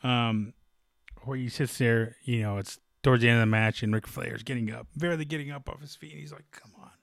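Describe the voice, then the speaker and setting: A man's voice: mid-range voice, fairly even intonation, a little fast, vocal fry, no echo. A man talks through recent fights in a loose, casual way. He rambles, stacks up fillers and corrects himself mid-thought. The sound is dry and close, with no room around it. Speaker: fight commentator. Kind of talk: casual sports chat.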